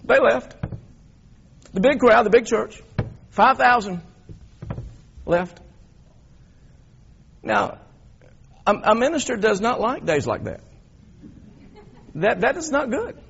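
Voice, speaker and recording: A man preaching a sermon as a pastor, telling the story in an animated way and swinging between loud emphasis and quiet reflection. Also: very high-pitched, takes it slowly, creaky, long pauses, husky, muffled recording.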